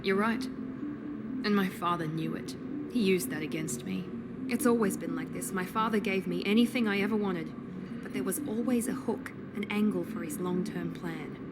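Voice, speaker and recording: An actress playing a composed young operative in video game dialogue, speaking in a measured, quietly emotional way. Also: female voice, mid-range voice, very noisy, lightly acted. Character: composed young woman, a cool-headed operative.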